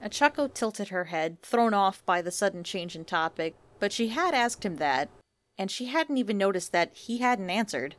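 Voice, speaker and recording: A woman narrating romantic fan fiction in a soft, unhurried reading voice. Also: medium pitch, expressive.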